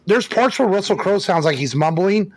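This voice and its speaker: A man with a slightly higher voice chats about a film on a podcast in a loose, rambling way. The sound is dry and close, with no room echo. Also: expressive, normal speed, a little mellow. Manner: loose, conversational, frequent "like". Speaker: podcast co-host. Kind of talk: casual movie discussion.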